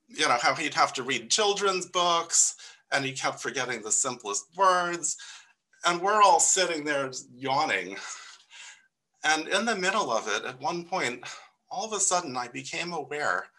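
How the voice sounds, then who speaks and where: A man telling a self-deprecating personal story on a live storytelling show, earnest and animated. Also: a little high, low-quality recording. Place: small theater stage.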